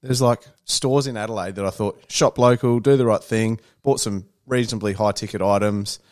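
Low-voiced Australian man telling a story. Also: steady tone, moderate pace, a little mellow. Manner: swears often, acts out quoted dialogue. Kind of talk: casual chat.

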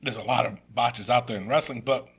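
A man co-hosting a podcast in casual chat, animated, swearing freely and laughing often. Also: medium pitch, brisk, gravelly, husky. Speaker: podcast co-host.

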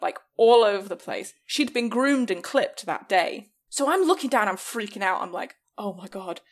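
Animated woman telling pet stories. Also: mid-range voice, moderate pace. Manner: animated storyteller who acts out voices. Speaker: podcast co-host. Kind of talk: casual chat.

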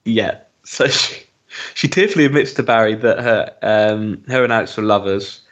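A man's voice: lowish voice, moderate pace, a bit bright. A man co-hosting a podcast, chatting casually and hesitantly with many ums, livening up when he jokes. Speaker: podcast co-host. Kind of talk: casual chat reviewing a TV episode.

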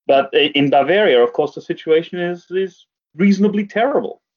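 A man with a German accent, a podcast guest, explaining things in a measured way with a dry touch. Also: fairly high pitch, lively intonation, highs cut off. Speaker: guest commentator. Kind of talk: casual chat.

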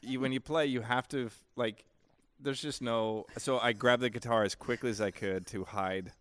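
A man co-hosting a casual podcast, talking in halting restarts with dry humor. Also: mid-range voice, fairly even intonation. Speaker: podcast co-host. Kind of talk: casual chat.

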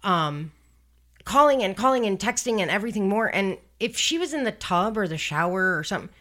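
A woman hosting a true-crime podcast, chatting about a case with her co-host. Her voice is bright and her pitch jumps around a lot. She is blunt and swears easily. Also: brisk. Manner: animated and blunt, swears freely.

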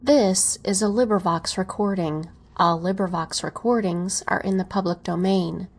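Volunteer audiobook narrator, a woman with a mid-range voice and even, measured reading. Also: medium pitch.

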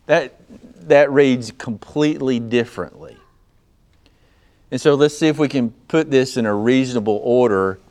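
A pastor preaching a sermon, teaching verse by verse and slowing down to stress the scripture he reads. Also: medium pitch, a little mellow.

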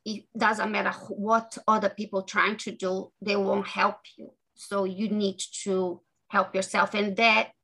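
An earnest woman speaks as an author in an interview. She talks in a halting way, often restarting her sentences. Her voice sounds bright and forceful. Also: medium pitch, flat delivery, rough recording. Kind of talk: interview guest.

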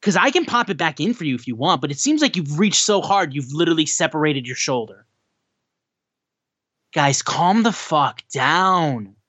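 A man co-hosting a casual wrestling podcast, ranting with animated sarcasm. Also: fairly high pitch, fast, hardly any pauses, slightly rough, no echo, highs cut off. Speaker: podcast co-host.

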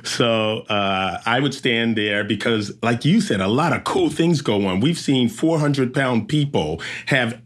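Race emcee, male, average pitch, animated storyteller who acts out every beat. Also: unhurried, few pauses. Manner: lively storyteller who acts out sounds and voices.

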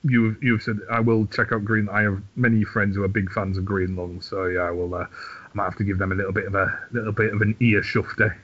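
A man's voice: on the low side, little pitch movement, fast talker, breathy edge, dull audio. A man co-hosting a podcast, chatting casually in a sweary, meandering, anecdotal way. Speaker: podcast co-host. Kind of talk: casual chat.

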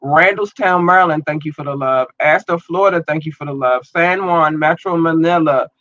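A man hosting a podcast and online radio show, rambling casually and slangily through listener shout-outs while his eye is irritated and tearing up. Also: a little high, normal speed, highs cut off. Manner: loose, rambling, slangy, repeats himself.

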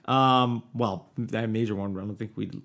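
A man's voice: lowish voice, fairly even intonation, moderate pace, vocal fry, a bit bright. A man hosting a podcast in casual chat, joking loosely with many fillers and trailing thoughts. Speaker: podcast host.

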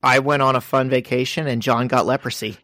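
A man's voice: mid-range voice, steady tone, fairly quick, pushed and bright, dry recording. A man co-hosting a podcast, chatting casually and acting out little quoted bits as he tells stories. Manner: chatty storyteller, acts out quotes. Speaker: podcast co-host. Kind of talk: casual chat.

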